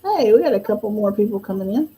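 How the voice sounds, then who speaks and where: A woman's voice: medium pitch, animated, quick pace, dark tone, slight background noise, rough recording. A woman co-hosting a casual livestream chat, welcoming and playful, laughing along. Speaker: co-host.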